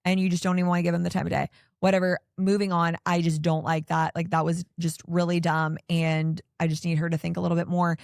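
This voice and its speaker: A woman's voice: lowish voice, level tone, fast talker, creaky, darkish tone, dry recording, clean studio sound. A woman hosting a podcast, recapping reality TV in an exasperated, rambling way, full of "like" and "I don't know". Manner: exasperated, opinionated ranting. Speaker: podcast host. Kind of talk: casual reality TV recap chat.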